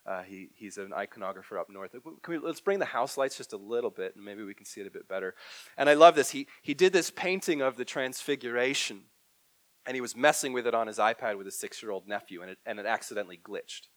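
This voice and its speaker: Guy preaching in a church, gets loud then drops way quiet, dry close mic. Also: mid-range voice, fast talker, dry recording. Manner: animated, swings from loud emphatic to hushed. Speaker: pastor. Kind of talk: sermon. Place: church hall.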